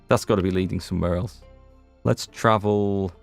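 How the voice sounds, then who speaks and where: Low-voiced Northern Irish gamer rambling. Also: male voice, steady tone, normal speed, creaky. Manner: chatty, rambling, self-interrupting. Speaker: gaming streamer. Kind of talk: casual let's-play commentary. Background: faint game music.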